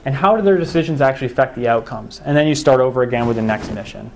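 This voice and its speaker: A man's voice: medium pitch, racing, gravelly, darkish tone, a little hiss or hum. Young man giving a conversational talk. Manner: conversational, asks the audience questions. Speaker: education researcher giving a talk. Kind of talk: public talk to a live audience.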